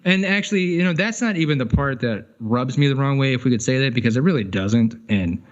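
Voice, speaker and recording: A man's voice: mid-range voice, expressive, brisk, muffled recording. A man co-hosting a podcast in casual chat, loose and sardonic, trailing off in filler words and swearing. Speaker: podcast co-host.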